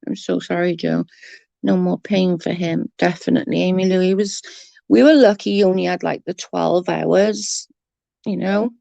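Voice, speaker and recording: A woman's voice: on the low side, fairly even intonation, normal speed, vocal fry, mellow, dry recording, highs cut off. A woman with a Welsh accent chatting casually on a live stream, greeting viewers by name in an earnest, emotional way. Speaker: livestream host.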